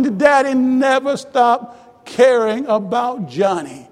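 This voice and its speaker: A man preaching a sermon with fervent repetition that rises to shouts. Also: extremely high pitch, expressive, normal speed. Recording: long reverb of a large hall.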